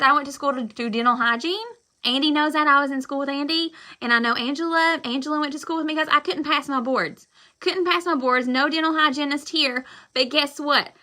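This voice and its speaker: Woman, loud and fired up, bright forceful voice, slightly high pitch, live-stream pep talk. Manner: loud and fired up, talks emphatically; blunt but apologetic, rambling. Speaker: direct-sales consultant.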